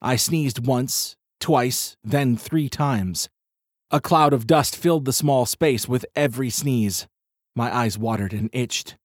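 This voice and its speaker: A man reading a first-person story aloud in a measured, wry way. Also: mid-range voice, no room sound, studio quality. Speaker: audiobook narrator. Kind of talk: first-person audiobook narration.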